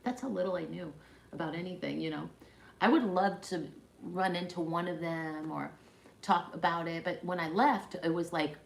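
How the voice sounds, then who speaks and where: A woman's voice: on the low side, gravelly. A woman chatting casually on a livestream, telling a rambling story full of "like" fillers.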